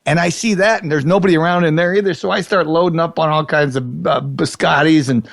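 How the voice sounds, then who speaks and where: Animated, foul-mouthed man telling a story. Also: a little high, quick pace, vocal fry, no room sound, clean studio sound. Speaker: podcast co-host. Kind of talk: casual chat.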